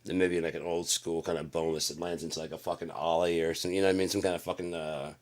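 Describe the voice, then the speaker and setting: A middle-aged man with a very low, deep voice tells a story in a loose late-night monologue. His talk is profane and rambling, and he slips into the voices of the people in the story. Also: level tone, rapid-fire. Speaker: channel host telling a story.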